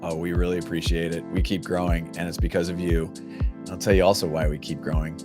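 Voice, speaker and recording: A man's voice: sits low, level tone, fairly quick, over music. A man with a Minnesota accent hosting a podcast interview, chatty and joking, laughing at his own stories. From Minnesota, USA. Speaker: podcast host. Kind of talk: casual interview chat.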